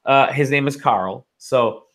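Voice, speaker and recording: A man's voice: medium pitch, measured pace, a bit bright. A man co-hosting a casual podcast, rambling through stories with swearing and laughter. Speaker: podcast co-host.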